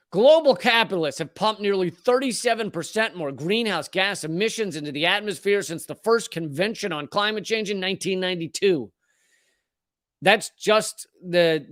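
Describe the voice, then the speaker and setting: A man's voice: high voice, a bit bright, no room sound, clean studio sound. A man from the Southern US hosting a comedic political monologue, fiery and profane, often stammering and restarting. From Southern United States. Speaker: comedian host.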